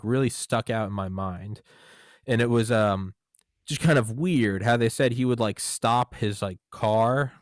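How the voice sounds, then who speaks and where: Recorded with clean studio sound and no echo, this podcast host's voice sits on the low side. He's animated in a casual interview chat, telling stories, swearing offhandedly, and raising his voice to act out quotes.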